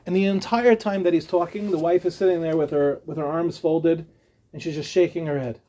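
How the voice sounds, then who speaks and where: High-voiced rabbi giving a chatty lecture. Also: male voice, fairly even intonation, fairly quick, dark tone. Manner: chatty storytelling with jokes and restarts. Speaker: rabbi teaching a Torah class. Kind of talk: humorous live lecture.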